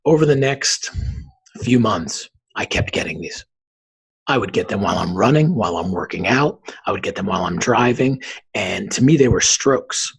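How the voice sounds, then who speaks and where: Husky-voiced man telling a story. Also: lowish voice, moderate pace, poor audio. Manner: animated storyteller acting out quoted dialogue. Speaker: podcast guest. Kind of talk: storytelling in an interview.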